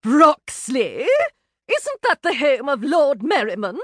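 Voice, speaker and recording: A woman's voice: high-pitched, sing-song, takes it slowly, dry recording, studio quality, voice pushed up, exaggerated voice. A woman voicing a snobbish, peevish aristocratic sister-in-law who talks in a haughty, disapproving way. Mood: disdainful.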